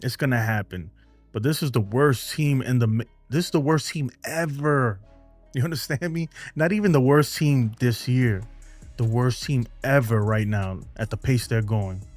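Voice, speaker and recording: A man's voice: medium pitch, normal speed, darkish tone, faint music behind. A man hosting a casual baseball fan stream from home, laughing often and saying "man" and "bro" a lot. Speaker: baseball fan channel host. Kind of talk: casual live-stream chat reading viewer comments.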